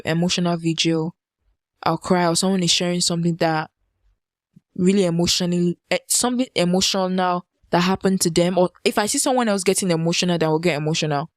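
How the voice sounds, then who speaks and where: A woman hosting a podcast, telling a personal story in a casual monologue, animated and repeating phrases for effect. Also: dry recording, clean studio sound. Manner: animated, jumps up in pitch for emphasis. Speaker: podcast host.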